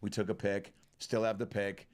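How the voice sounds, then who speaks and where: A man, a comedian and podcast host, telling a story in an animated, fast-talking casual way. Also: on the low side.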